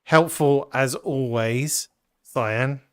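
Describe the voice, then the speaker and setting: A man hosting a VR puzzle game playthrough, chatting excitedly to viewers as he explores. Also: medium pitch, extremely slow, clear, resonant tone. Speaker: gaming channel host.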